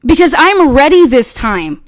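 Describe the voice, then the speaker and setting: A woman tears into her critics in a heated, profanity-laced livestream rant. Her voice sits somewhat high and is recorded close and dry, with no room sound. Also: sing-song, a little slow, dry recording. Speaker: channel host.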